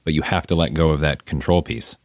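A man offers calm, reflective reassurance in a casual podcast chat. His voice sits extremely deep. The sound is dry and close. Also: a little fast, dry recording.

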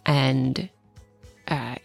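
Low, gravelly woman laughing through chat. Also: fairly even intonation, extremely slow, no room sound, soft background music. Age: middle-aged. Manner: laughs often, rambling with restarts. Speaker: podcast co-host. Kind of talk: casual podcast chat.

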